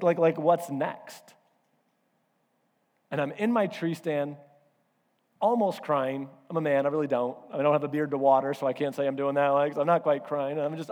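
Guy pastor telling a story from the pulpit, lively and acting bits out, kinda high voice, hall echo. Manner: animated storyteller, acts out voices and asides. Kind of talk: sermon storytelling. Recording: hall reverb.

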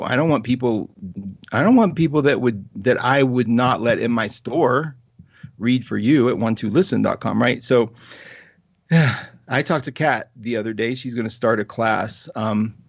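Chatty animated man telling a story. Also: mid-range voice, normal speed, gravelly, no room sound, muffled recording. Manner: chatty, animated, self-mocking, with frequent laughs and "like". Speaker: astrology show host. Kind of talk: casual storytelling monologue.

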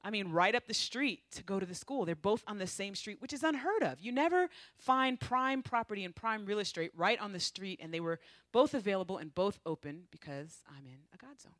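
A woman from the United States giving a missionary testimony, telling her story with lively, playful asides. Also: medium pitch, a little fast, dry recording. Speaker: missionary speaker. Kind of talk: testimony to a congregation.

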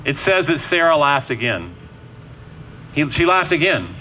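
A man's voice: fairly high pitch, big pitch swings, unhurried, sharp tone, slight background noise, low-quality recording. A man preaching a sermon in a casual, conversational way, acting out the quoted lines as he goes.

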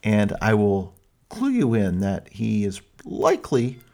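A man's voice: fairly low pitch, wildly swooping pitch, unhurried, creaky, dark tone. A middle-aged man giving a music lecture. He talks thoughtfully, with many fillers and restarts, and counts and sings rhythms aloud to show his points. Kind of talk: explanatory lecture with sung rhythm examples.

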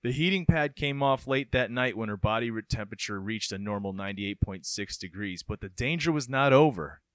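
Animated, lively-voiced male podcaster. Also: lowish voice, fairly quick, dry recording, studio quality. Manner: animated, laughs often. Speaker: podcast co-host. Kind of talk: reading a news story, casual chat.

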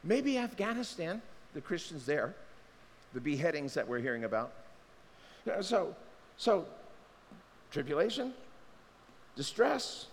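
Animated male preacher in a reverberant hall. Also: sits high, a little hiss or hum. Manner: animated, shifts between quiet asides and loud emphatic bursts. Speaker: pastor. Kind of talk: sermon. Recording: hall reverb with faint ambience.

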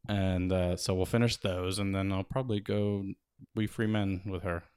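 A man's voice: sits low, fairly even intonation, normal speed, a little mellow, smooth. A man and father talking casually about reading books to his children, enthusiastic and a bit rambling. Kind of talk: casual chat.

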